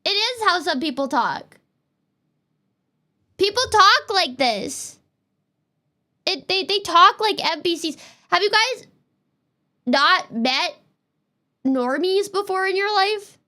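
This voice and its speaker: A Canadian VTuber streamer rambles through casual gameplay commentary, chatting loosely with her audience and talking fast. Her high, expressive voice stays bright and sharp throughout and quickly turns exasperated.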